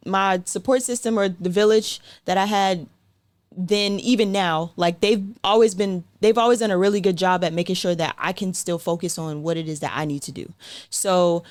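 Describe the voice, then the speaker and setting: A woman's voice: lowish voice, normal speed, no room sound. Chatty woman telling stories. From South Carolina, USA. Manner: chatty, animated, acts out quotes, frequent "like" and light laughs. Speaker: guest sprinter. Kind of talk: casual interview storytelling.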